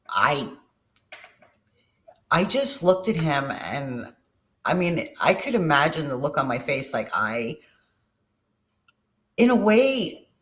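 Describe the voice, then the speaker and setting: A woman's voice: on the low side, a bit bright. A middle-aged woman telling personal stories to her viewers in a casual vlog, candid and emotional, swearing freely and often trailing off and restarting her sentences. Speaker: vlogger. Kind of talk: casual personal storytelling to camera.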